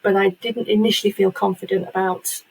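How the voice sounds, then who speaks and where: A woman's voice: medium pitch, little pitch movement, brisk, slight background noise, rough recording. A woman, chatting as an interview guest about her business, telling self-deprecating stories. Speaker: guest, virtual assistant agency owner. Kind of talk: casual interview chat.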